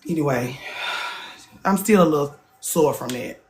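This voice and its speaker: A woman's voice: a little slow, noisy background. A woman hosts a casual livestream chat, speaking bluntly and animatedly. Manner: blunt and animated, jumps into higher voices for emphasis. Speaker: podcast host.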